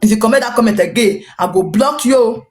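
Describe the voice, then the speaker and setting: A woman's voice: on the high side, brisk. A woman with a Nigerian Pidgin English accent, rambling as she retells a dispute and voices the other people's lines in her story. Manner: rambling, repetitive, animated retelling with quoted dialogue. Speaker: social media personality. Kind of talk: gossipy storytelling recounting a dispute.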